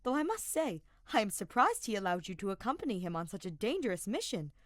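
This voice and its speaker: A woman's voice: mid-range voice, sing-song, fast, no room sound, studio quality, close to an everyday voice. A woman voicing an earnest, grandiose young male knight who speaks in a courtly way in a read-aloud story.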